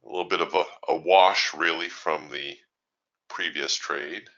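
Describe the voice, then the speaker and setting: A man's voice: very deep voice, steady tone, measured pace, sharp tone, muffled recording. A man hosting a live trading webinar, chatting casually and with strong opinions as he answers viewer questions, laughing easily.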